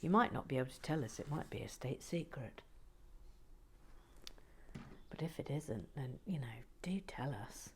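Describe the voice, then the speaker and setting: A woman hosting a relaxing building video, talking softly with dry teasing humour, often close to a whisper, on a close mic. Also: sits low, expressive, moderate pace, long pauses. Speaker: host.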